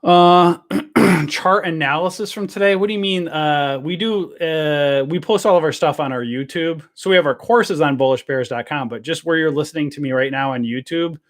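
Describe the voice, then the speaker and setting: A man's voice: fairly high pitch, moderate pace. Rambling male stream host. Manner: rambling, filler-heavy, addresses viewers as guys. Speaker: trading show host. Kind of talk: casual livestream chat.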